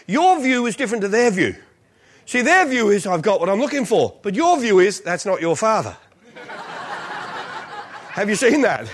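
A man's voice: high voice, a little slow, long pauses. A man, a visiting preacher telling funny stories in a sermon. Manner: animated, jokey storytelling. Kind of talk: storytelling sermon. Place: church.

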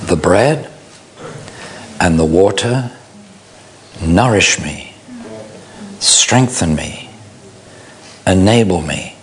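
Slow, low-voiced man preaching. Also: lively intonation, a little hiss or hum. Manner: slow, illustrative, acts out mock quotes. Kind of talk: sermon.

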